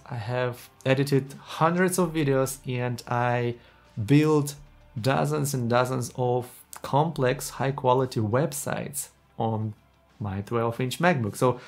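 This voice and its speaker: Man, tech vlogger, earnest, enthusiastic, medium pitch, faint guitar music underneath. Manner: non-native phrasing, earnest and enthusiastic. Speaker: tech YouTuber. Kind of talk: casual vlog talk to camera.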